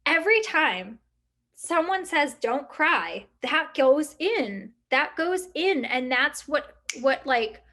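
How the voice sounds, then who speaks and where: Rambling, reflective higher-voiced woman. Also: takes it slowly. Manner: rambling and reflective, many fillers, lively quoted asides. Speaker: podcast co-host. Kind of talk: casual chat.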